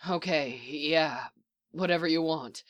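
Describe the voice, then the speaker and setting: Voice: mid-range voice, takes it slowly, fairly bright tone, dull audio. A reader voicing Rex, a swearing worn-out soldier man. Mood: breathless, teasing. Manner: swears a lot, blunt and scrappy. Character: weary soldier clone man, profane, teasing. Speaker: clone soldier captain.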